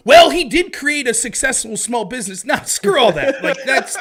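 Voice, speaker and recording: A man's voice: very high-pitched, expressive, normal speed, fairly bright tone. A man hosting a casual podcast chat, talking in a jokey, self-deprecating way. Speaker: host.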